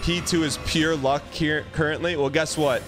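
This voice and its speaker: A man live-streaming a video game, chatting casually and teasing his chat with quick comebacks. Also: on the high side, fairly even intonation. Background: game music.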